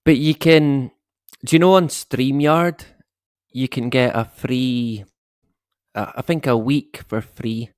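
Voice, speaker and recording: A man's voice: medium pitch, fairly even intonation, slow pace, darkish tone, dry recording, studio quality. A man hosting a casual live stream from home, chatting with viewers in a rambling way and chuckling often. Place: at home, dog snoring behind him.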